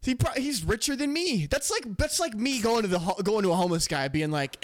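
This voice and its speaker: A man's voice: high-pitched, animated, a little fast. A young man co-hosting a podcast, telling a rambling, profane story full of laughter in casual chat. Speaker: podcast co-host.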